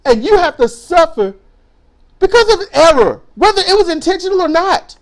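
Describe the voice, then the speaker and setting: A woman's voice: extremely high pitch, sing-song, normal speed. A woman ranting angrily in a vlog. She swears a lot, hammers her points, and stumbles over repeated words when worked up. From United States. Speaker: YouTuber.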